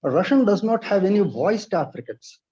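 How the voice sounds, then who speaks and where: A man from India lecturing on pronunciation in a measured, precise, explanatory way, heard on a dull lo-fi recording. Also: high voice, sing-song, dark tone, slightly rough. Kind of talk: read-aloud lecture.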